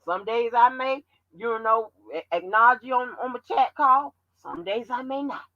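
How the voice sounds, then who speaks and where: A woman hosting a livestream, talking bluntly and profanely in animated commentary. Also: on the high side, moderate pace, dry recording, dull audio. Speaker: channel host.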